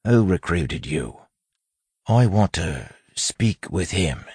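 This is a sly lawman passing himself off as a gang member, in a storybook reading, voiced by a man. He keeps his voice soft and low with a threatening edge. It sounds breathy and dry up close. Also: very animated, slow pace, no room sound, full character voice. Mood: pressing. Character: sly male lawman posing as a gang thug.

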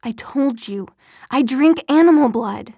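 A woman's voice: high voice, expressive, measured pace, mellow, breathy edge, dry recording, clean studio sound, exaggerated voice. A woman reading the lines of a desperate, anguished teenage boy vampire who pleads through a locked door in a storybook.

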